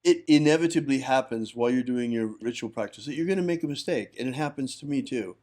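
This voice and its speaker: A man's voice: mid-range voice, fast, darkish tone. A man hosting a livestream and giving firm, instructive teaching on ritual practice. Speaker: host, magick teacher.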